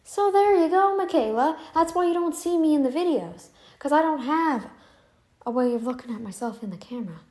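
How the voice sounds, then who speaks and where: A YouTube commentary host speaks off camera from her home in a high-pitched, animated, darkish voice, talking a little fast. In this casual monologue to the camera she keeps restating her demands confrontationally, frequently starting over.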